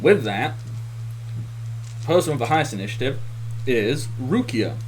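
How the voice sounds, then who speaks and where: A man's voice: medium pitch, expressive, unhurried, slight background noise, low-quality recording. A man running a tabletop game as game master, recapping the last session in a rambling, easygoing way with frequent laughs. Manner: laughs often, rambling with fillers.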